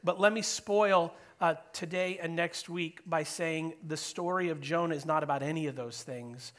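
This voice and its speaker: A man preaching an informal, chatty sermon to his congregation as their pastor, joking and animated. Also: fairly high pitch, normal speed. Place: church sanctuary.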